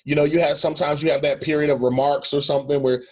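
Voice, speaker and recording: A man's voice: a little high, flat delivery, fast. A middle-aged male pastor talking earnestly in a reflective conversation, repeating phrases for emphasis.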